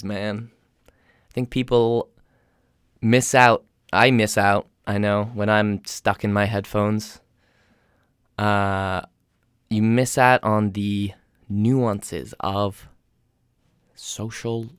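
A young man from England with an English accent softened by years in North America, talking in a casual, rambling, self-deprecating monologue. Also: fairly low pitch, takes it slowly, long pauses, clear, resonant tone, dry recording, clean studio sound.

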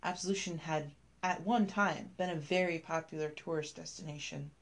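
A woman reading a scripted story aloud, telling it in a measured, even way. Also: low voice, gravelly.

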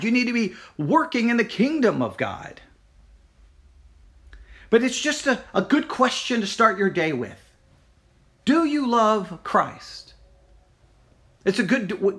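A man giving a devotional sermon, earnest and searching, repeating his questions slowly. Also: high-pitched, very animated, fairly bright tone. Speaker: pastor.

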